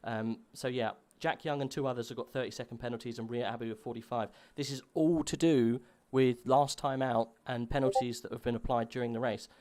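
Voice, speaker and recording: A man's voice: medium pitch, a little fast, hardly any pauses. Male lead caller for online sim racing, easygoing banter, fires up once the race starts. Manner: chatty and relaxed before the start, louder and excited calling the race. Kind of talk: live esports race commentary.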